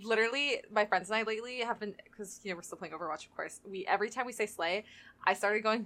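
A woman from the American South in her twenties, co-hosting a podcast in relaxed casual chat and drawing out her long vowels. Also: fairly high pitch, fairly quick. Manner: relaxed, drawls long vowels, says like often. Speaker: podcast co-host.

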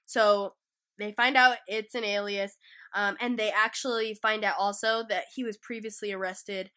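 A woman's voice: medium pitch, steady tone, moderate pace, pushed and bright. A woman with a cough, retelling a true-crime case in a casual, rambling way with lots of fillers. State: sick, coughing between lines. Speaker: guest storyteller.

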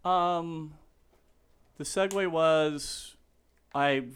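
A man in his fifties telling stories in a casual interview, rambling and animated, acting out quotes in a high yell. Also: extremely slow, clear, resonant tone. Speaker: guest.

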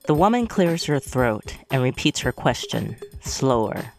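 Very low-voiced woman narrating a story. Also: expressive, measured pace, few pauses, faint music behind. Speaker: audiobook narrator.

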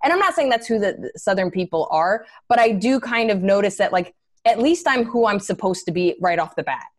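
A woman comedian talks at a rapid clip in a casual conversation. Her storytelling is loose and full of fillers, and she slips into quick acted quotes. Her pitch sits at an ordinary middle height for a woman. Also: lively intonation.

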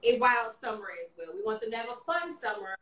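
A woman hosts a loose live-stream chat, tipsy and playful, her words slurring slightly. Her voice is bright and a little high. She sits away from the mic in an echoey room. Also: animated, quick pace. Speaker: host. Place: home, Maryland area.

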